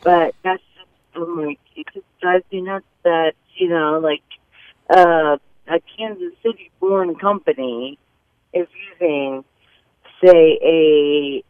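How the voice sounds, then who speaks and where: A woman's voice: low voice, no echo. A woman calling in to a radio show, airing a grievance in a hesitant, rambling way full of fillers. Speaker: caller. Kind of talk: call-in radio complaint. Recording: tinny phone line.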